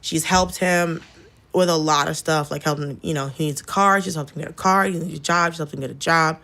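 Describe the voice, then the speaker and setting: A woman's voice: deep voice, steady tone, fairly quick, a bit bright. A woman podcast guest from the Southern United States telling candid family stories in a casual chat, blunt and laughing through them.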